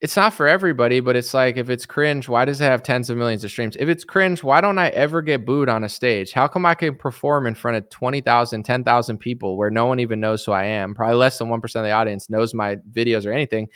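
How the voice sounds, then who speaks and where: A man's voice: medium pitch, quick pace, hardly any pauses, fairly bright tone, clear, resonant tone, dry recording, clean studio sound. An American man in a casual reaction chat, answering viewer comments in a rambling, blunt and defensive way, full of fillers. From United States.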